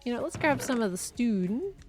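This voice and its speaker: While live-streaming a building game, a woman chats easily, reads viewers' messages aloud, and muses about what she's constructing. Her voice is a little high, with big swings in pitch, at a normal speed. Music plays behind her.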